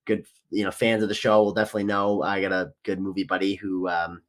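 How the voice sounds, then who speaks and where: Male podcast host, lowish voice, upbeat, chatty. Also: level tone, quick pace. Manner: upbeat, friendly, with fillers. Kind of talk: casual movie podcast chat.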